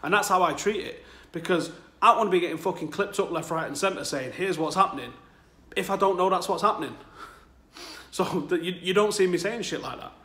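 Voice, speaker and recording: Man, football channel host, candid casual chat, swears freely, fairly high voice, echoey room at home. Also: fairly quick, pushed and bright. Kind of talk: casual monologue to camera. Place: at home, new flat.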